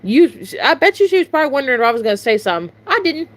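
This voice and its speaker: Young woman vlogger, casual profane storytime, fairly high voice. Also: big pitch swings, racing.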